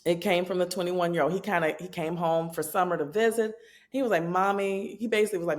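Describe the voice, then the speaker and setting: Woman guest in her forties, lowish voice, reflective storyteller, plain-spoken. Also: fairly even intonation, fast talker. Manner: reflective storyteller, speaks frankly. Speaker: podcast guest. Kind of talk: casual podcast conversation.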